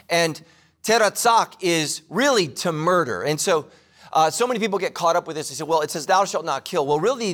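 A man with a high voice delivers a sermon. He is casual and jokey with his listeners, and he repeats the main points slowly for weight. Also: fairly bright tone. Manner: casual joking preacher, repeats key lines slowly. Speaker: pastor.

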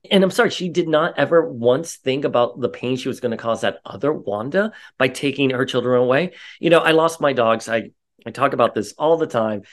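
A man with a medium-pitched voice rants fairly quickly through opinionated, casual commentary, getting animated and spiking sharply in pitch when riled.

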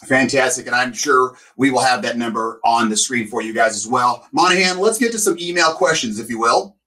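Animated male co-host, distant mic. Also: mid-range voice, brisk. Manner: animated storyteller, emphatic. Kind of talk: casual podcast chat.

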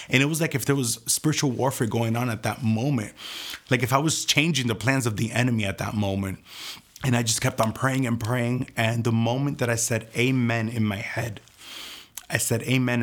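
A young man telling his personal testimony in a hushed, intense way, his voice often dropping almost to a whisper. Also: mid-range voice, moderate pace. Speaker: testimony speaker.

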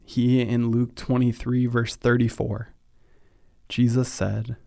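Slow, flat-voiced man hosting a podcast. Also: mid-range voice, gravelly, dry recording, clean studio sound. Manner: earnest, thoughtful, slows down on solemn points. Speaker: podcast host. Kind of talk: reflective faith podcast talk.

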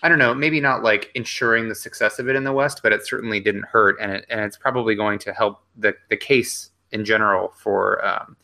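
A man's voice: on the low side, steady tone, gravelly, bright, forceful tone. A man co-hosting a casual game chat, weighing his points with hedges and filler words. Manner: measured, hedging, fills pauses with 'um' and 'like'. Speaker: podcast co-host.

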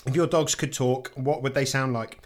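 A man's voice: mid-range voice, steady tone, normal speed. Jokey man hosting a podcast. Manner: jokey, laughs often. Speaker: podcast host. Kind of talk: casual chat.

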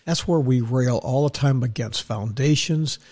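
Husky-voiced man ranting on a podcast. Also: mid-range voice, measured pace, darkish tone. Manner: blunt, ranting, rambling with restarts. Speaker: podcast host, financial adviser. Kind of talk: opinionated solo podcast monologue.

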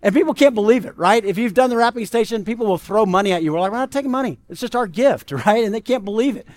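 Animated high-voiced male pastor. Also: fast. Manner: conversational, animated storytelling with frequent "right?". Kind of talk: sermon.

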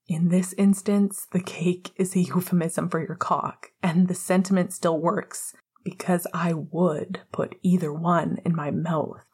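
A woman voicing a playful, teasing young man, speaking softly in a near whisper. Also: on the low side, steady tone, a little slow, hardly any pauses, husky.

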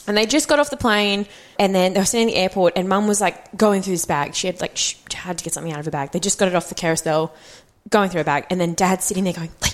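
A woman's voice: lowish voice, quick pace. A young woman co-hosting a podcast, telling rambling stories in a laid-back, casual way. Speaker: podcast co-host. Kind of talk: casual chat.

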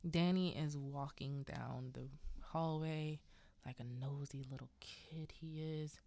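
A woman with a lowish voice hosts a casual film-recap podcast. She tells the story in an unhurried, chatty way with lively asides. The sound is dry and close to the mic. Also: no echo. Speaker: podcast host.

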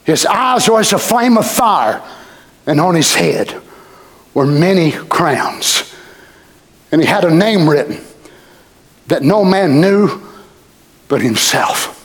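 A male preacher delivering an impassioned sermon, swinging between shouts and hushed whispers. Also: fairly high pitch, lively intonation, takes it slowly, long pauses.

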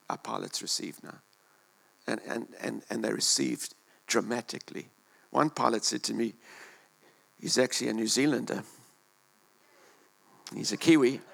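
Speaking in a creaky, medium-pitched voice, a male preacher delivers a fervent church sermon. He alternates between booming and quiet passages and keeps repeating words.

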